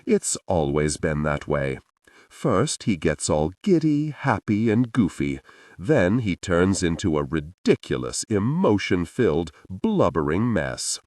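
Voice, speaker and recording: A deep male voice narrating a first-person audiobook romance. He reads slowly and deliberately, yet his pitch swings widely with expression. The sound is dry and close to the mic. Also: very animated, a little mellow, no echo.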